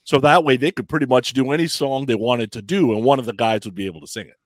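A man co-hosting a casual chat, talking in a drawn-out, explanatory way. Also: mid-range voice, dry recording. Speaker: podcast co-host.

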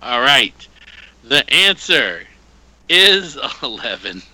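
A man's voice: medium pitch, big pitch swings, takes it slowly, sharp tone, poor audio. A man hosting a podcast trivia quiz in casual chat, joking and laughing as he reads out questions and answers.

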